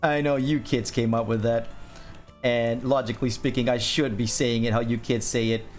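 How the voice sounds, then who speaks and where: A man's voice: mid-range voice, fairly even intonation, moderate pace, soft background music. A middle-aged man streaming while he draws. He chats casually, reads chat aloud and laughs often. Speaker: art streamer.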